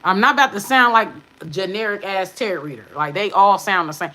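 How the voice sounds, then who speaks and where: A woman tarot reader talking to her viewers in a brash, profane, sassy way, with emphatic bursts and quick muttered asides. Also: mid-range voice, sing-song, pushed and bright, low-quality recording. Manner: emphatic, with sudden drops to mutters. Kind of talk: live tarot reading monologue.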